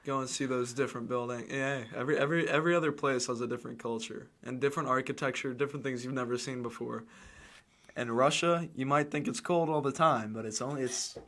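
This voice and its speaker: A man co-hosting a radio show, chatting in a relaxed, hesitant way with many fillers. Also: medium pitch, fast. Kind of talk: casual radio chat. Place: radio studio.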